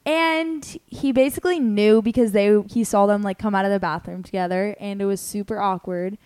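A young woman hosting a podcast, telling a story in casual chat, animated and full of "like" fillers as she acts out what people said. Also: mid-range voice, moderate pace, smooth. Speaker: podcast host.

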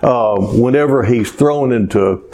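Male pastor, sermon, folksy storyteller, unhurried delivery, mid-pitched voice. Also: dark tone. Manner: folksy storytelling with rhetorical questions.

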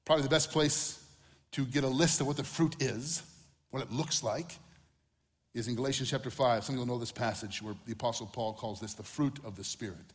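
A man's voice: mid-range voice, brisk, big-room sound. A middle-aged man preaching a sermon in a conversational way, acting out quotes with humor. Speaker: pastor.

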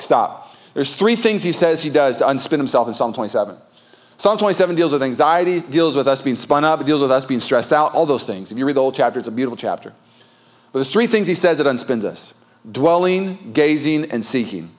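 A man's voice: medium pitch, animated, a little fast. A man in his thirties preaching a sermon as pastor, telling candid, self-mocking stories with sudden comic outbursts. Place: church stage.

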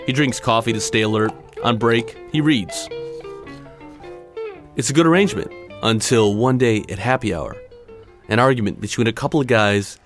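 A man's voice: lowish voice, a bit bright. A man telling a dramatic personal story in punchy, short clipped phrases.

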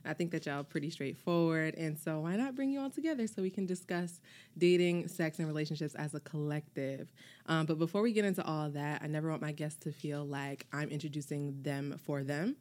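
A woman's voice: low-pitched, brisk, darkish tone. A woman hosting a podcast, laid-back and slangy, teasing her guests. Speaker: podcast host. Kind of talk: casual chat.

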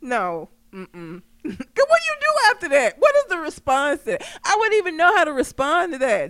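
A woman's voice: high voice, wildly swooping pitch, normal speed, fairly bright tone, no room sound. A woman in casual chat, telling a story animatedly, swearing and laughing often.

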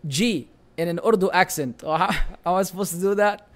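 A man with a Lebanese Arabic accent, a native Arabic speaker, answering viewer questions as an Islamic teacher in an animated, bantering live-stream chat that is sprinkled with Arabic phrases. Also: high voice, fairly quick.

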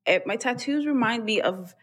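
A woman's voice: a little high, normal speed. A young woman from Canada co-hosting a podcast in casual chat, telling stories animatedly, ranting and acting out the lines of others. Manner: animated ranting storyteller who acts out quoted exchanges. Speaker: podcast co-host.

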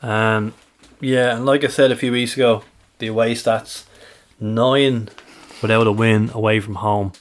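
A man's voice: fairly low pitch, fairly even intonation, a little slow. Man reeling off football stats. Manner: reels off stats and dates, methodical. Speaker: podcast co-host, stats presenter. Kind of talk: casual podcast chat.

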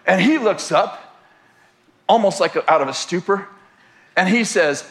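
High-voiced preacher guy, super animated, jokey sermon storytelling. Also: unhurried, pauses often. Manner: humorous storytelling, laughing often. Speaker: pastor.

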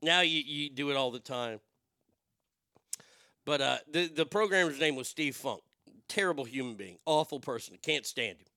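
A man's voice: mid-range voice, normal speed, pauses often, dry recording, studio quality. A man hosting a radio show, telling a story and then going into a profane, building rant. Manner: profane, building to shouted outrage. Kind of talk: storytelling and ranting.

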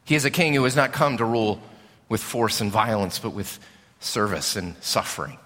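Male pastor, lively storytelling sermon, bright voice, big church reverb. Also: on the low side, normal speed. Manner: animated storytelling, rising and falling. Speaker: preacher. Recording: long reverb of a large hall.

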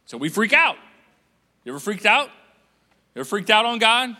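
A man preaching a sermon as pastor, animated and joking, acting out the voices of people he quotes. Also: high-pitched, moderate pace, long pauses. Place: church auditorium. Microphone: handheld microphone on stage. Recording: echoey church hall.

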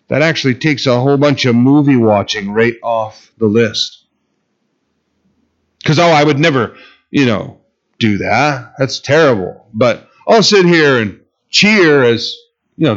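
Guy preaching, chatty and jokey, mid pitch, kinda muffled lo-fi audio. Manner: conversational, humorous, chuckles often. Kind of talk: sermon.

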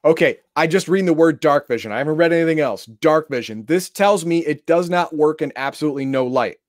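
A man's voice: a little high, fast, no room sound, studio quality. A man reading tabletop game rules aloud in casual chat, breaking into exasperated, profane rants.

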